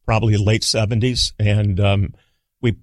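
An older man, a guest on a radio talk show, telling stories in a relaxed, rambling way with fillers and restarts. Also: fairly low pitch, unhurried, dry recording. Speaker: guest, radio executive and author. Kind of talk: relaxed storytelling. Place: studio.

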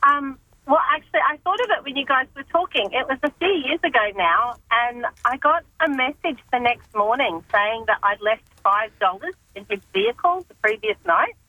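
Wry middle-aged woman caller, bright tone. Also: high voice, expressive, moderate pace, dry recording. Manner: wry, amused storyteller. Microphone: phone line. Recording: phone line.

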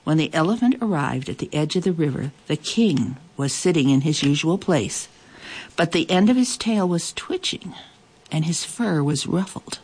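A storyteller reading an animal fable aloud in a measured, expressive way. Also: mid-range voice, husky.

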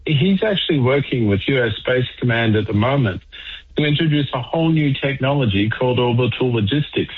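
A male caller phoning into a radio show, cracking dry jokes and airing firm opinions. His voice is husky and comes through a narrow, tinny phone line. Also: mid-range voice, lively intonation, fairly quick. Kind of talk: talkback phone call.

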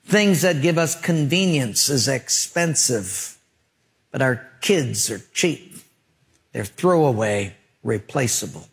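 Animated preacher man with a higher voice. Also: takes it slowly. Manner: comic, animated storytelling with acted voices. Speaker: pastor. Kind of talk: sermon.

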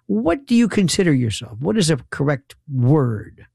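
A man hosts a late-night call-in radio show. He rambles in a wry, sarcastic way, his voice gravelly with fry. The studio sound is close and dry. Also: a little high, sing-song, normal speed, few pauses, darkish tone, no echo. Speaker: radio talk show host.

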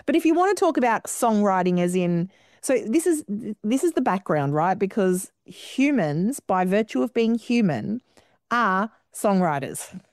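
A woman guest in an interview, explaining her ideas in long, flowing, expressive sentences. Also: mid-range voice, a little slow, no room sound, clean studio sound. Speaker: guest musician. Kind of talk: radio interview.

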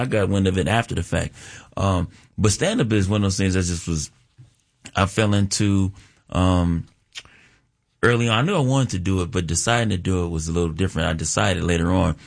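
A man, a comedian and actor chatting as a guest in a casual radio interview, animated and playful. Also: sits low, creaky. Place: college radio studio.

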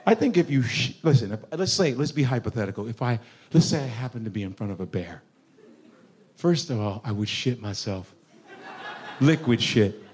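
Animated, profane stand-up comic man. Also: mid-range voice, normal speed. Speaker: stand-up comedian. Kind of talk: stand-up comedy.

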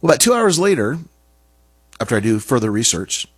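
A middle-aged man telling a personal story in an earnest, halting way, with restarts and pauses. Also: medium pitch, very animated, husky, no room sound. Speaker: speaker sharing a personal story.

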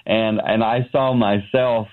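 A middle-aged man tells a story from his own life with earnest warmth, slipping into quoted lines as he goes. His voice comes through a narrow, tinny phone connection. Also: fairly low pitch, takes it slowly. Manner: earnest, animated storyteller who acts out dialogue. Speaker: ministry founder, guest. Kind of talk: telling a personal story on a radio show. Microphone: remote line.

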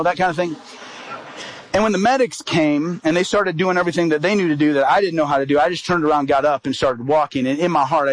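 Male evangelist, fairly high voice, dry close sound, vivid sermon storyteller. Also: no echo, rough recording. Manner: animated storyteller, acts out quoted dialogue, rises in pitch at climaxes.

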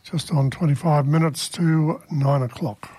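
Australian man, radio presenter, casual chatty delivery, slightly high voice, dry close mic. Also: steady tone, unhurried, mellow, breathy edge, no echo. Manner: chatty, reads weather lists then tells a joke.

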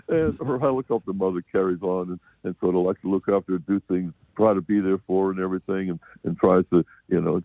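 A man's voice: deep voice, no room sound. American man reviewing films over a phone line. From United States. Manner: rambling, chuckling, many restarts. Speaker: film reviewer. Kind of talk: casual radio film review. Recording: dry phone-line sound.

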